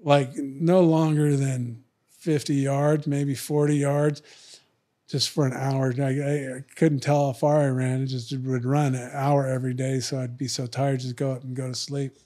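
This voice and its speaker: A man's voice: mid-range voice, little pitch movement, a little slow, dark tone. A man telling a long story in casual podcast chat, acting out other people's lines in raised voices. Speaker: podcast guest, retired fighter.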